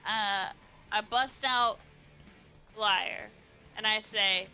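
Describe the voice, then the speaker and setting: A woman's voice: medium pitch, drawn-out words, long pauses, sharp tone, faint music behind. A woman playing a tabletop game, who talks casually, laughs often and exclaims. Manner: giggly and exclaiming. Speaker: player.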